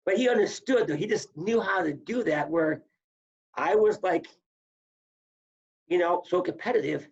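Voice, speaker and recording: A man spins stories from his competing days in a rough, gravelly voice with a breathy edge. He talks casually and gets animated, often repeating words as he goes. The audio sounds muffled and lo-fi. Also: sits high, moderate pace, pauses often. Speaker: guest, former wrestler and coach. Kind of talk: casual storytelling.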